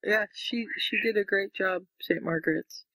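Animated woman recapping a story. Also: mid-range voice, normal speed, no room sound, rough recording. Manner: animated, acts out the characters' lines while recapping. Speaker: podcast co-host. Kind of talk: casual chat retelling a fan fiction story.

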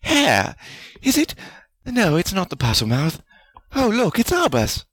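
A cheerful, motherly witch spirit, as a man puts her on, gushing in a very high, sing-song voice. It bounces up and down lively, recorded close and dry. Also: unhurried, dry recording, heavily acted. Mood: excited. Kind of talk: audiobook fan fiction reading.

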